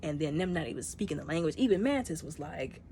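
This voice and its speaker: Lively low-voiced woman reviewing a movie. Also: quick pace, a little hiss or hum. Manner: animated retelling, acting out characters' quotes. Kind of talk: casual spoken movie review.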